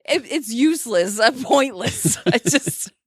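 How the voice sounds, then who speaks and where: A woman's voice: fairly high pitch, expressive, unhurried, slightly rough, dry recording, clean studio sound. A woman in her thirties co-hosting a casual podcast, self-deprecating and laughing often. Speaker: podcast co-host.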